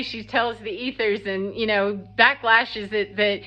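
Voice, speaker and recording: A woman tells a meandering personal story in a casual, chatty way, breaking into laughter now and then. Her voice sounds bright and forward. The audio is a little dull, as if from a basic lo-fi recording. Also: mid-range voice, measured pace. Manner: rambling, animated, laughs often, quotes herself. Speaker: spiritual vlogger.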